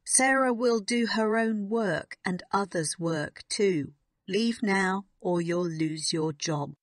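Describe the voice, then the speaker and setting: A woman's voice: medium pitch, expressive, slow, no echo, studio quality. A woman reading a stern cold headmistress. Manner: curt, commanding.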